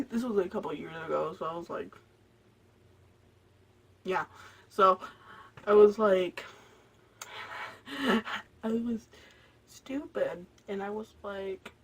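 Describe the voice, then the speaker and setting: A young woman from Michigan casually telling embarrassing stories to camera, giggling, rambling, and slipping between whispers and loud bursts. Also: mid-range voice, slightly rough. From Michigan, USA. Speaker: vlogger.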